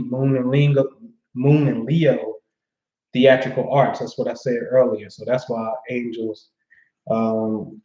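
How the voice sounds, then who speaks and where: A man runs a laid-back astrology livestream where he reads viewers' comments in a loose, slangy manner, often adding "you know what I'm saying." His voice is of ordinary middle pitch with a dark tone. The sound is a little roomy and muffled, suggesting a home setup.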